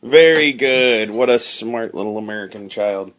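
A woman's voice: a bass voice, moderate pace. A woman playfully hosting a mock morning radio show with a child, coaxing and teacherly.

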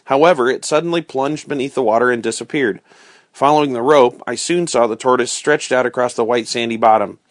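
A man reading a storybook aloud in a steady, expressive storytelling manner. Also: medium pitch, brisk, dry recording, studio quality. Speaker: reader.

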